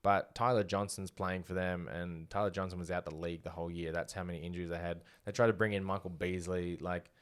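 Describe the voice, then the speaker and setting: Deep-voiced Australian man talking sport. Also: flat delivery, fast talker, hardly any pauses, clear, resonant tone. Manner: confident, makes bold predictions. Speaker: podcast co-host. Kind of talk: casual sports chat.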